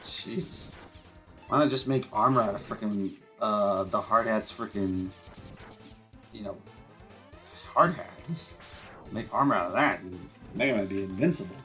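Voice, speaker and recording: A man's voice: lowish voice, normal speed, pauses often, pushed and bright, faint music behind. A man giving rambling, casual commentary while playing a video game, with lots of fillers and some mild swearing. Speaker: gameplay streamer. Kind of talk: casual let's-play commentary.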